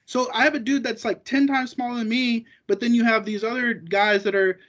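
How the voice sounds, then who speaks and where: Guest spot: man with a high voice, rambling and cursing freely, dull muffled recording. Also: fairly even intonation, fairly quick, fairly bright tone. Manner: rambling and profane, acting out quoted remarks. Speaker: guest, jiu-jitsu competitor. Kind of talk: casual podcast chat.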